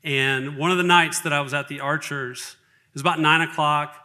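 A middle-aged man gives a personal testimony, his voice bright and a touch high. He talks earnestly and haltingly, stopping to restart his sentences as he goes. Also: steady tone. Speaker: church member giving testimony.

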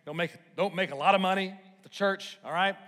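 Male pastor, slightly high voice, sermon with big swings from loud to hushed, long hall reverb. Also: fairly quick. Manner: swings between loud emphatic lines and hushed quiet ones. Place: church sanctuary.

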